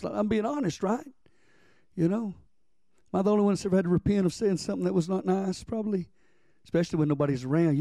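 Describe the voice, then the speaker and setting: A high-pitched man delivers a folksy sermon in a mellow tone. He stretches out his key lines slowly and rattles off the side stories quickly. The recording is dry and close. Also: dry recording. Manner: folksy preaching with Southern phrasing, swings from slow emphatic lines to quick asides. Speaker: pastor.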